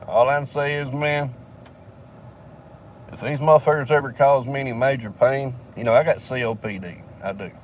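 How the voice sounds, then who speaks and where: A man's voice: mid-range voice, fairly even intonation, moderate pace, a little hiss or hum. A man from Alabama with a Southern accent, telling a long story in a casual vlog, swearing heavily and rambling with fillers, recorded in a vehicle.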